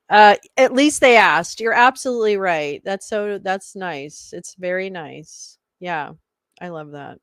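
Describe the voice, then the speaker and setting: A woman's voice: medium pitch, animated, unhurried, fairly bright tone, clean tone, no room sound, studio quality. A woman hosting a live stream, rambling through casual commentary, swearing freely and laughing often. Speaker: livestream host.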